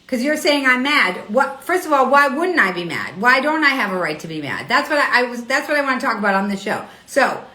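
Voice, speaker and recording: Host type: bright, rather high woman, riled up, defending herself to viewers in an echoey room. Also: very animated, fairly quick, few pauses. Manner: indignant, argumentative, repeats herself. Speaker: host of a weekly live show. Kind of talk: Instagram live stream, reading and answering comments.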